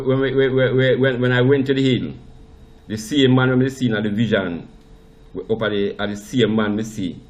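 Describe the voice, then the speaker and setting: A man with a Jamaican accent, a priest, recounting a story in conversation. He tells it in a lively way, often restarting his sentences and slipping into the voices of the people he quotes. His voice sits at a middle pitch. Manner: animated anecdote, acts out quoted voices, frequent restarts. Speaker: priest and interview guest.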